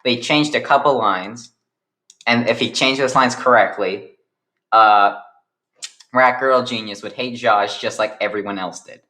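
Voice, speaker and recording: A young man talks his way through an improvised story recap in a rambling, eager manner. His voice sits at a middle pitch, and he often stops to restart a thought as he explains. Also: unhurried, pushed and bright, reverberant. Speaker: storyteller, series creator.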